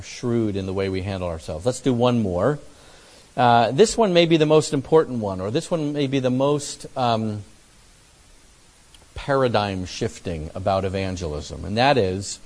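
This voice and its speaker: A man delivering a sermon in a casual, conversational way, his pitch swinging widely as he acts out both sides of imagined exchanges. He often restarts his sentences and fills pauses with "um" and "uh". His voice sits at a middle pitch. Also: darkish tone. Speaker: preacher teaching on evangelism.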